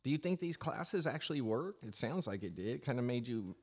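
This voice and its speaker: A man's voice: mid-range voice, sing-song, brisk, slightly rough. A man hosting a casual podcast, reacting with laughter and swearing, asking the guest questions.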